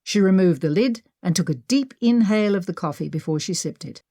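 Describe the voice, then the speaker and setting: A woman narrating an adventure audiobook in a steady, measured manner. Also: medium pitch, no echo, studio quality.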